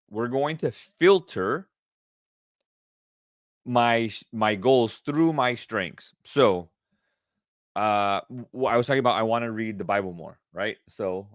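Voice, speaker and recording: Casting: middle-aged male podcast host, mid pitch, excitable and repetitive, dry close sound. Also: no echo. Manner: energetic, excited, repeats himself. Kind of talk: casual solo podcast talk.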